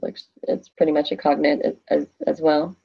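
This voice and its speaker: Gravelly-voiced woman teaching a lesson. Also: deep voice, little pitch movement, moderate pace, dull audio. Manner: chatty, asks questions and answers them herself. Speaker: Spanish teacher. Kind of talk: recorded classroom lesson.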